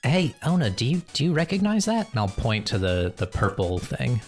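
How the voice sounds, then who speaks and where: A player voicing their character in a tabletop game, lively and curious. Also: medium pitch, moderate pace, faint music behind. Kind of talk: casual tabletop role-play.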